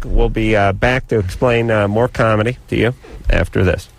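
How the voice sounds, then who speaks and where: A man's voice: on the low side, moderate pace, creaky, a little hiss or hum. A man in his thirties hosting a radio call-in show, joking in a sardonic, rambling way. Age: 30s. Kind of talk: comedic radio banter.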